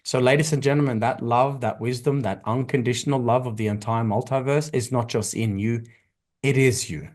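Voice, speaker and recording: A man as a podcast guest, speaking emphatically and telling a parable at a slow, deliberate storytelling pace. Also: mid-range voice, steady tone, darkish tone. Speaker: guest, spiritual teacher. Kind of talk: podcast interview.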